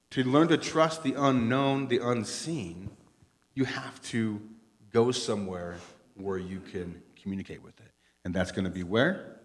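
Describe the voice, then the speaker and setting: A middle-aged man preaching a conversational sermon in a church, animated and joking, swinging from loud bursts to hushed asides. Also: medium pitch. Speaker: pastor. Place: church sanctuary.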